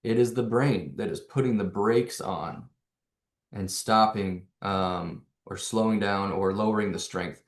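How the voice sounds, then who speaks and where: A man's voice: on the low side, unhurried, echoey room. A man coaching on neurology, explaining with rhetorical questions and growing energy. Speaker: neuro coach presenting to hosts. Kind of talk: animated explanatory talk.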